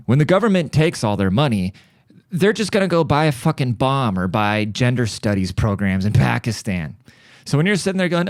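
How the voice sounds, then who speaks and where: A man's voice: medium pitch, very animated, moderate pace, no room sound, studio quality. A man in his thirties, from Germany and a native German speaker, hosting a comedic podcast monologue in a profane, sarcastic rant. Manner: profane sarcastic ranting with mocking put-on voices. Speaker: podcast host.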